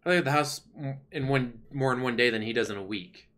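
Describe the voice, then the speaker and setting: A man's voice: mid-range voice, fast, a bit bright. A man hosting a livestream, chatting casually and sarcastically while complaining. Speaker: livestream host. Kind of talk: casual rambling chat.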